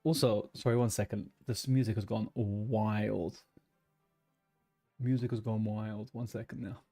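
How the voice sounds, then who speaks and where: A man's voice: lowish voice, steady tone, unhurried, warm tone, faint music behind. A male streamer chatting casually while he plays, joking and rambling as he reads game text aloud. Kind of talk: casual gameplay chat.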